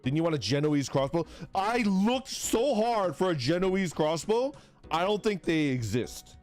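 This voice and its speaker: Young male streamer, casual rambling chat, animated pitch, faint background music. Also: a little slow. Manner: rambling, laughing, swearing, acts out voices in a high yell.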